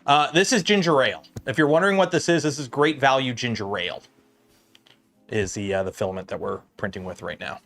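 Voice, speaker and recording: Working at his bench, a man from Canada talks his way through a casual livestream, full of "like," "uh," and meandering tangents. His medium-pitched, slightly bright voice runs fairly quick over soft background music.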